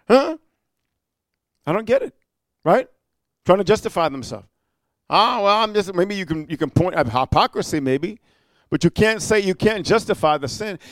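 High-voiced fiery preacher man, dry sound. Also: dry recording. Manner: preachy, rhetorical "amen" and "huh?", swings from quiet storytelling to loud exhortation. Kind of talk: fiery sermon.

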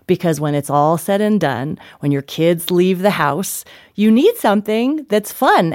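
Lively middle-aged woman telling stories. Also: lowish voice, no echo, studio quality. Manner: animated storyteller, acts out dialogue, laughs often. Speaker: guest author. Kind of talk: interview chat.

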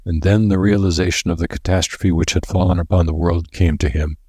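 A man narrating a story in a steady, measured reading voice. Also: low-pitched, husky, dry recording, clean studio sound. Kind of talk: audiobook narration.

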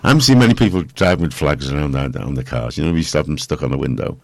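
Man, radio host, very deep gravelly voice, dry studio sound, rambling and jokey. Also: animated, rapid-fire, no echo. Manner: rambling, jokey, self-mocking. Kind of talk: casual radio chat.

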